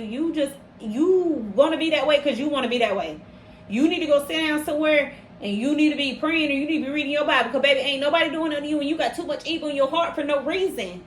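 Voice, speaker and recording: A woman with a high voice hosts a casual podcast, speaking emphatically and circling back on her phrases to drive each point home. She sounds worked up and passionate. The recording is roomy, with a faint hum of noise behind her. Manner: emphatic, repeats phrases for stress, gets heated. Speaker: podcast host.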